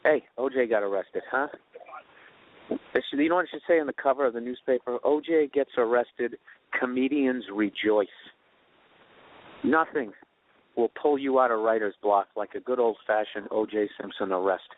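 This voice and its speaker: A man's voice: medium pitch, normal speed, pauses often, phone-quality sound. A man hosting a podcast, telling a story in a profane, sarcastic rant from outdoors on a city street. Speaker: podcast host. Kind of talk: casual comedic monologue.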